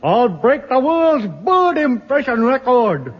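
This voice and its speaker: A man's voice: extremely high pitch, sing-song, slow, full character voice. An actor playing a dim-witted male hermit covered in feathers, in a 1950s radio comedy. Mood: dopey. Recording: muffled old radio broadcast, loud studio audience and hiss.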